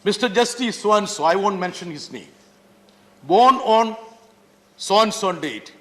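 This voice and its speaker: A man's voice: high voice, lively intonation, measured pace, fairly bright tone. A man with an Indian English accent, a member of parliament making an emphatic speech and repeatedly addressing the chair. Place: parliament chamber. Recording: long reverb of a large hall.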